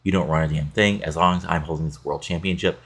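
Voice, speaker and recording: A man's voice: very deep voice, steady tone, fast talker, fairly bright tone, slightly rough, full character voice. A man reading out the lines of a cocky male wrestling champion defending his title. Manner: confident, read aloud plainly.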